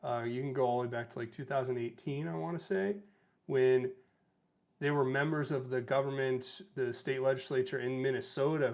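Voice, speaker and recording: A man's voice: mid-range voice, creaky. A man hosting a livestream, commenting on clips with sarcastic, chuckling asides. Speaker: livestream host.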